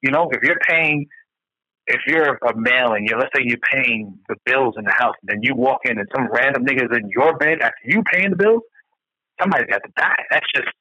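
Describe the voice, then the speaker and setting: Bright-voiced man ranting profanely. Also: medium pitch, brisk, no echo. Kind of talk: casual chat. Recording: dull lo-fi dry recording.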